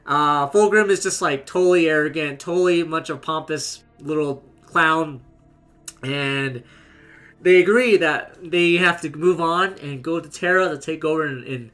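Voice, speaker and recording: A man's voice: fairly high pitch, bright, forceful tone. A man giving a casual, rambling book review, leaning heavily on filler words as he retells the plot.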